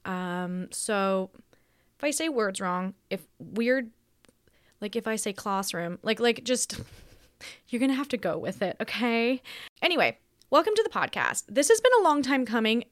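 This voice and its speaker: A woman's voice: on the high side, sing-song, normal speed, no echo, studio quality. A woman from Australia with an accent that drifts between Australian and American, hosting a rambling, dramatic, self-mocking podcast monologue from home. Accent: Australian mixed with American. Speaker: podcast host. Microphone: studio microphone.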